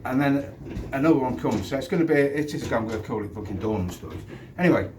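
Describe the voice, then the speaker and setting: A middle-aged Englishman, once a doorman, tells a fight story bluntly and swears freely, in stops and starts. He is recorded outdoors and sits well back from the mic. Wind rushes across it. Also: mid-range voice, darkish tone. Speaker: former doorman. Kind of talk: casual storytelling to camera. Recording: distant mic with wind noise.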